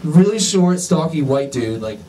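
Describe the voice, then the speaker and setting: A man's voice: a little high, lively intonation, unhurried. A young man in a band telling a story in casual chat, laughing and rambling. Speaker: band member guest. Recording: distant mic, faint ambient noise.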